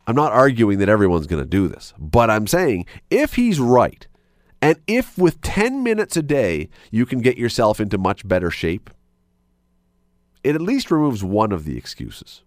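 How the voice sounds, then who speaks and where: Male radio talk host, rambling, self-correcting, lively delivery, dry close studio sound. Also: mid-range voice, moderate pace, dry recording. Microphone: studio microphone.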